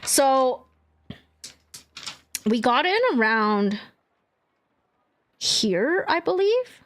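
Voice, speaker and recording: A young woman streamer chatting casually, telling a story with animated swearing and acted-out quotes. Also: high-pitched, very slow. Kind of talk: casual chat.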